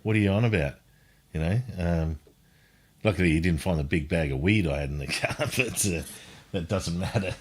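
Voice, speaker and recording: A man's voice: deep voice, moderate pace, slightly rough. A man in casual chat telling a laid-back story.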